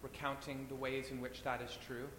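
Bright-voiced man preaching in an echoey hall. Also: monotone, moderate pace. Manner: earnest, repeating phrases for weight. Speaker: pastor. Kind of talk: sermon. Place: church. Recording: echoey church hall, faint rumble.

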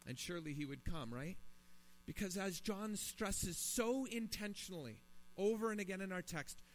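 A man's voice: sits high, expressive, moderate pace. A man preaching a sermon in his thirties or forties, earnest and building to emphatic pleas. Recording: long reverb in a hall, mains hum.

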